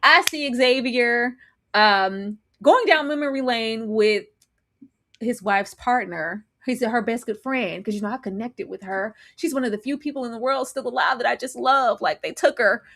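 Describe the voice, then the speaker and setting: A woman co-hosting a casual live TV recap, animated and laughing often as she acts out her reactions. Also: on the high side, moderate pace. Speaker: co-host.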